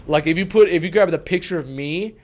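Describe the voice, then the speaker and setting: High-voiced young man, rambling and profane. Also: fairly quick, a little mellow, slight background noise. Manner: rambling, profane, laughing storytelling. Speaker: video uploader and player. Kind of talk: casual gaming chat. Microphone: home desk mic, audio only.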